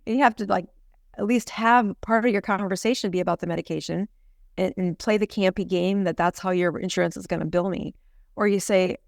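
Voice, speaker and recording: A middle-aged woman, a physician and podcast guest, telling stories in an animated way and laughing often. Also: mid-range voice, fast, vocal fry, no room sound, studio quality. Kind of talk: storytelling in a podcast interview.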